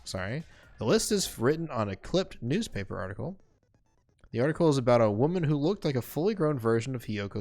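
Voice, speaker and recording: A man's voice: medium pitch, a little mellow. A male streamer with a mid-range voice reads game text aloud and drifts into loose, filler-heavy commentary. Faint game music plays under him. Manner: casual, rambling, many fillers.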